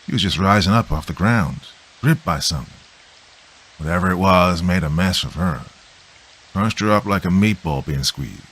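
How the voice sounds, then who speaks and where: A man voicing a weary, gruff old grandfather with a folksy drawl, recounting a horror. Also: sits low, animated, normal speed, a bit bright, full character voice, poor audio. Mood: haunted. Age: older.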